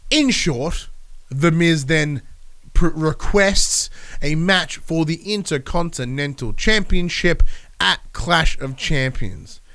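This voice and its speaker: A man's voice: fairly high pitch, takes it slowly, sharp tone. A man hosting a podcast alone, feeling sick with a stuffy nose, rambling and swearing as he recaps the week. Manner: rambling, swears, acts out wrestlers' lines. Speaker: podcast host. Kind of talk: solo casual recap.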